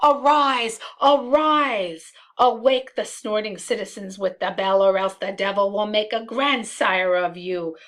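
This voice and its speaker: A woman reading aloud as a scheming man, declaiming loudly and urgently. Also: mid-range voice, normal speed, few pauses, lightly acted. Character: scheming male schemer urging a loud alarm.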